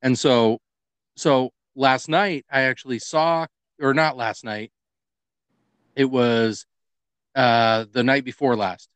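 A middle-aged man co-hosting a podcast, chatting casually and telling stories with lively acted-out dialogue. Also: mid-range voice, takes it slowly, pauses often, smooth, no room sound. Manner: animated storyteller, acts out quoted dialogue. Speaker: podcast co-host. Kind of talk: casual chat.

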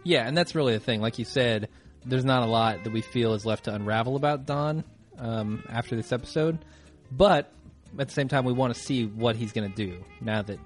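A man co-hosting a casual podcast, easygoing and quick to laugh as he walks through an episode recap. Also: mid-range voice, faint music behind. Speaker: podcast co-host.

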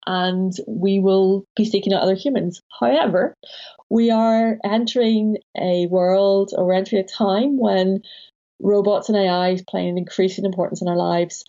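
A woman's voice: mid-range voice, dark tone, lo-fi sound. A woman author being interviewed, speaking thoughtfully with some hesitation and frequent laughs. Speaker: author and guest. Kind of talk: conversational interview.

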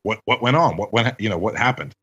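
A man talks fast and with eagerness, retelling scenes as he co-hosts a casual movie podcast. His voice sits mid-range and comes through a slightly muffled, lo-fi recording. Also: mid-range voice, animated, a bit bright, slightly rough. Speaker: podcast co-host.

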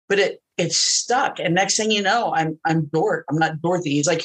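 A woman's voice: on the low side, normal speed, few pauses, breathy edge, poor audio. A middle-aged woman, a wrestling announcer, chatting as an interview guest, telling stories with lots of laughter and acted-out voices. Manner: animated storyteller, laughs often, acts out quoted voices. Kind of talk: casual chat.

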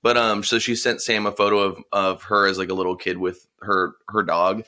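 A man's voice: fairly low pitch, flat delivery, normal speed, pushed and bright. A man in casual chat, joking and swearing as he tells a story.

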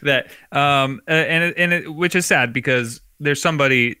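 Clear, bright-toned man in relaxed banter. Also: fairly high pitch, normal speed, no echo. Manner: laid-back, rambling, laughs often, filler-heavy. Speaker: podcast co-host. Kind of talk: casual chat.

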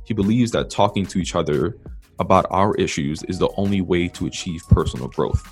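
A man hosting a podcast, reading a brisk, plain introduction to the episode. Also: low-pitched, faint music behind. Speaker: podcast host.

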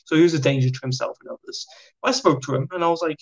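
A British man, a podcast guest, telling stories in a chatty, animated way. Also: a little high, rapid-fire, dull audio. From Britain. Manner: chatty, animated anecdotes with slang. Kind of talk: casual storytelling.

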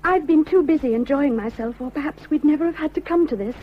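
A woman's voice: high voice, fast, slight background noise, lightly acted. An actress playing a distressed young woman who faltering hears a confession of love, in a vintage radio drama. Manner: anxious, faltering. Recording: dull lo-fi old radio recording with music.

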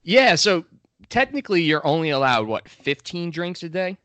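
A man's voice: fairly high pitch, big pitch swings, moderate pace, fairly bright tone, no echo. A man from Long Island co-hosting a podcast, chatting eagerly and rambling with many restarts. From Long Island, New York. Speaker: podcast co-host. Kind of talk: casual podcast chat.

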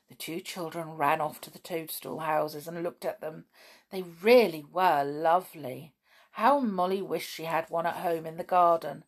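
Gentle, unhurried woman storyteller reading a children's book. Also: low-pitched, steady tone.

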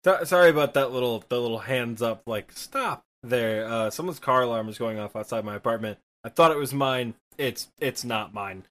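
A man's voice: mid-range voice, brisk, few pauses, a bit bright. A man in his twenties from Michigan with a Midwestern accent, co-hosting a casual gaming podcast from his apartment, rambling and self-deprecating. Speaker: podcast co-host and streamer.

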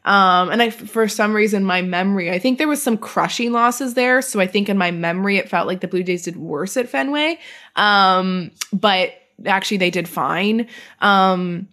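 A woman with a mid-range voice talks baseball on a podcast. She thinks aloud in a relaxed way, dropping in frequent ums as she goes. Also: mid-range voice, normal speed. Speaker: baseball reporter, co-host. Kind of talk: casual sports chat.

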